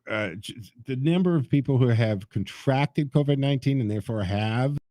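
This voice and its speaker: Emphatic talk radio host, dark voice. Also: male voice, mid-range voice, dry recording. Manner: emphatic, sarcastic, speaks straight to listeners.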